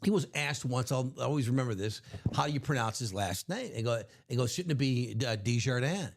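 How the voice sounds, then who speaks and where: A man's voice: medium pitch, brisk, vocal fry. A man hosting a live sports card break stream, chatting casually in a rambling, self-correcting way. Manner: rambling, self-correcting, chuckles at own stories.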